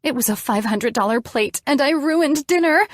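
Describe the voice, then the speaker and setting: A woman voicing a panicked young woman who is crying, with a high, whiny, childlike voice. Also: animated, normal speed, no room sound, studio quality. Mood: panicked whine.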